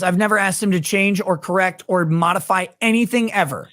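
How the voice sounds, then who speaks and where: A man in a heated argument on a livestream, swearing a lot and firing off rhetorical questions in a fast, angry rush. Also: high voice, a bit bright, no echo, clean studio sound.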